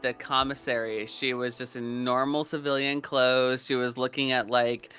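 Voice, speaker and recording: Young guy on a podcast, bright smooth voice, swears a lot, animated storytelling. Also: moderate pace, soft background music. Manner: animated, swearing, acts out quoted people in a higher voice. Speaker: podcast co-host. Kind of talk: casual storytelling chat.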